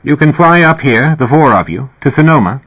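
A chatty British musician with a slight accent and a musical twinkle in every phrase, put on by a male audiobook narrator. The voice sits noticeably higher than the narrator's own, lilting and amused. It comes through thin and phone-like, as if squeezed through a narrow line. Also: expressive, brisk, slightly rough. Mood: breezy.

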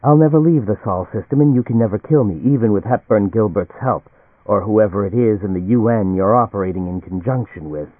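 A man's voice: on the low side, brisk, dry recording, natural voice. A man voicing a defiant, doomed cargo pilot. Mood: bitter. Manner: desperate, then bitterly resigned. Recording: tinny, phone-like and dry.

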